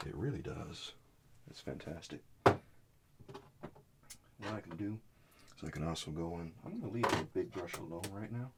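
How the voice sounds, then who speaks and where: A man giving a soft-spoken oil painting lesson, muttering asides as he works. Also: low-pitched, very noisy. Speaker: art teacher.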